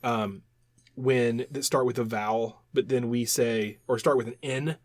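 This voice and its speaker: An adult man chatting as a podcast co-host, lively and rambling as he explains things, circling back and repeating words. His voice sits at an ordinary middle pitch. It is recorded close and dry, with no room sound. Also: measured pace, no echo. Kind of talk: casual chat.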